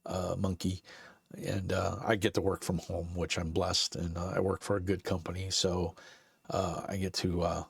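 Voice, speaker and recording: Streaming from his basement, a middle-aged channel host from Brooklyn, New York talks in a low, gravelly, husky voice with flat delivery at a moderate pace. He rambles chattily in his Brooklyn accent, laughing and saying "uh" often, with no room sound.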